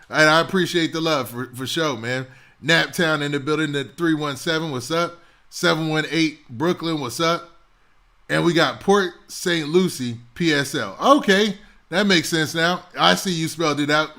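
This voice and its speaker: A man hosting a hip-hop news livestream, casually chatting and hyping up viewers with rapid city shout-outs and slang. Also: fairly high pitch.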